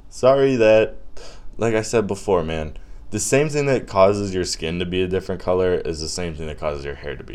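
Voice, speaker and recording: Low and darkish in tone, this young man's voice carries his own podcast, where he rants casually. He swears a lot, rambles through jokes and drifts into loose asides, keeping it profane and playful.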